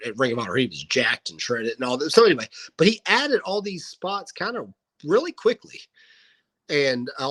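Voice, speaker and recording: A man's voice: mid-range voice, rough recording. A man in his thirties, a guest wrestler, telling stories in a casual interview and acting out what people said. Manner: animated anecdote-telling, acting out quoted dialogue.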